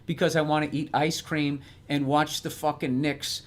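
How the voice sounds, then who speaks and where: A middle-aged man in casual comedic chat on a podcast, blunt and animated, acting out quoted lines as he tells stories. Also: fairly high pitch, moderate pace. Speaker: podcast guest.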